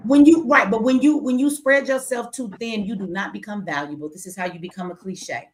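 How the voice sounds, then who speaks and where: A woman's voice: medium pitch, fairly quick, a little hiss or hum. Woman host, tired and blunt, casual livestream talk, teasing, reads viewer comments aloud. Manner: blunt, candid, joking, reads super chats aloud.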